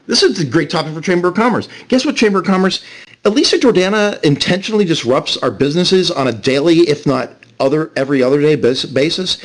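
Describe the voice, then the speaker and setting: Animated ranting man on a voice call. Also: on the high side. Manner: animated, repetitive, scornful rant. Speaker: streamer on a voice call.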